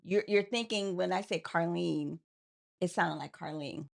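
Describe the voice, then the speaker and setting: A woman from New York co-hosting a casual live chat, talking fast and laughing often. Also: medium pitch, vocal fry. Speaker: co-host.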